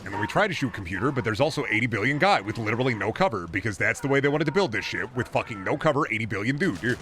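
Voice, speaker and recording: A man streaming a game, rambling and profane, bursting into excited rants. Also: medium pitch, rapid-fire. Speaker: gaming streamer. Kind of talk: live game-stream commentary.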